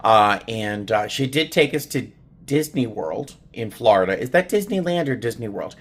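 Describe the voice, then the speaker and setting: A man's voice: medium pitch, animated, normal speed. A middle-aged man casually vlogging from a small home studio, rambling in a heartfelt way with many ums and restarts. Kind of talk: casual personal vlog.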